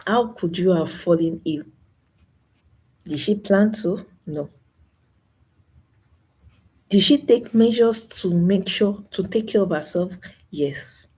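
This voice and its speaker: Her voice low with a darkish, breathy edge, a young channel host talks through loss on an emotional live stream. She sounds grieving, sighing often and saying things more than once.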